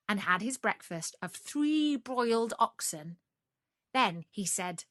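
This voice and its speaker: A woman reading a fairy tale aloud for English learners, slow and expressive. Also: medium pitch, no room sound, clean studio sound. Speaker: storyteller. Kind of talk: storybook narration for English learners.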